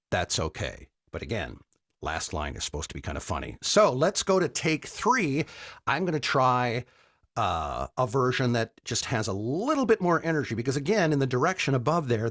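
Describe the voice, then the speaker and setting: A man who works as a voice actor and coach, giving a relaxed, conversational voiceover lesson with casual asides to the listener. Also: medium pitch, no echo, studio quality. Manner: relaxed, conversational teaching with frequent "right?" asides.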